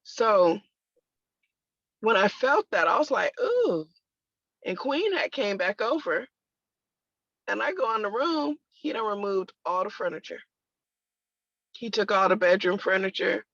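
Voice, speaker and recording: A woman's voice: mid-range voice, lively intonation, unhurried, long pauses, a bit bright, no room sound. A woman sharing a personal testimony in conversation, telling it emphatically with religious exclamations. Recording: dull lo-fi, dry sound.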